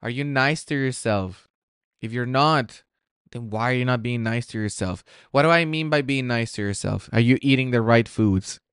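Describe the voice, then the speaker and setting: Guy doing a solo podcast, smooth clear voice, dry close sound, keeps asking listeners questions. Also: mid-range voice, normal speed, fairly bright tone, no room sound. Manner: reflective, asks listeners rhetorical questions. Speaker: podcast host.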